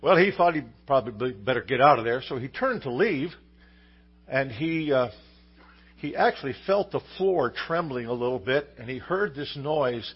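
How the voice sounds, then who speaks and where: A man's voice: mid-range voice, lively intonation, unhurried, slightly rough, dull audio. A man preaching a sermon, telling a story in an easygoing way, with fillers and restarts. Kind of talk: sermon with a told joke story.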